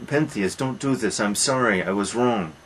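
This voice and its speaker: A man's voice: lowish voice, moderate pace, a bit bright, slight background noise, close to an everyday voice, low-quality recording. A man voicing Pentheus, a terrified young king begging his mother, in a lecture retelling. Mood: pleading. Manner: desperate pleading.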